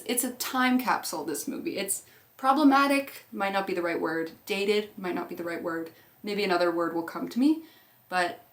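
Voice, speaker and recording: Young woman, vlogger, casual chat, rambling, swears, medium pitch. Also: fairly bright tone. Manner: chatty, rambling, swears freely. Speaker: movie rewatch vlogger.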